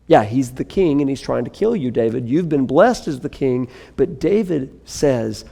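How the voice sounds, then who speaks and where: A man's voice: mid-range voice, lively intonation, normal speed, vocal fry, hardly any pauses, warm tone, breathy edge, big-room sound. A man preaching a sermon, reading scripture dramatically and breaking into casual asides to the congregation. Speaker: pastor.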